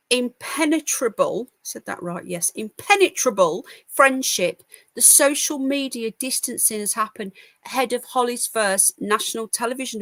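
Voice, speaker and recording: Medium in pitch and fairly bright, a UK livestream news host speaks with no echo. She's tired and yawning while giving blunt takes and reading out comments from chat on her casual stream.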